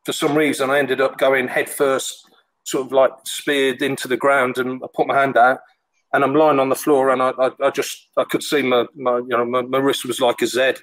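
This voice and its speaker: Middle-aged man, casual storytelling, rambling, mid pitch, dry sound. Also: level tone, moderate pace, fairly bright tone, dry recording, rough recording. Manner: rambling, full of fillers and restarts. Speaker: former goalkeeper, guest.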